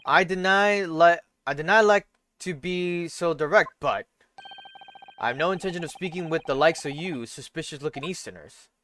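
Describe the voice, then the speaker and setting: A man voicing a gruff, hostile male prison governor with a put-on rural lilt, reading the lines stiffly and stumbling over them. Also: on the high side, moderate pace, sharp tone, pitched above the performer's own voice.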